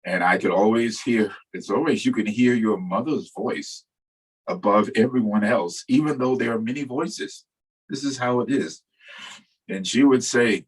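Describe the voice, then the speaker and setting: Husky older man giving a dharma talk. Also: on the low side, a little slow, low-quality recording. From New York. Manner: reflective, storytelling, gentle humor. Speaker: Buddhist teacher.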